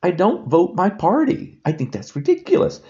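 Casting: male solo podcast host, indignant and repetitive, lively pitch, mellow dark tone. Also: moderate pace, highs cut off.

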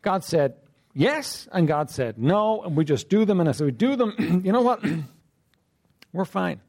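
Male pastor, conversational sermon, high and highly animated delivery, keeps clearing his throat. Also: unhurried. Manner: conversational preaching with frequent "right?" and "you know what?".

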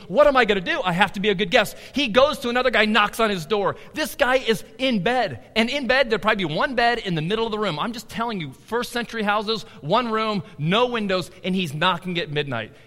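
Man, middle-aged pastor, sermon, high voice, animated, loud emphasis and low asides, live hall reverb.

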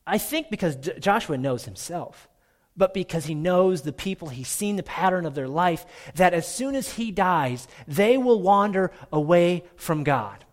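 Animated, conversational preacher man. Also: high voice, unhurried. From Minnesota. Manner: conversational, animated, self-deprecating. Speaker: pastor. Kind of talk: sermon.

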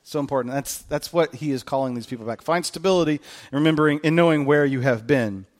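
A man preaching a sermon as a pastor, animated and candid, with self-mocking humor and voices acted out in quotes. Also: a little high, fast talker.

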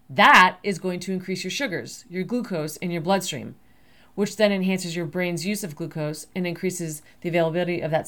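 Chatty woman podcast host, lowish voice. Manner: chatty, acts out panicked inner voices. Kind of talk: casual health talk.

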